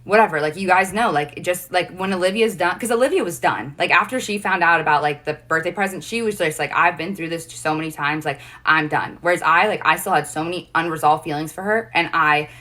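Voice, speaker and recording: Young woman, livestream guest; low pitch, bright edge, rambling casual storytelling. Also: fairly quick, few pauses. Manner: rambling storytelling, heavy "like" fillers.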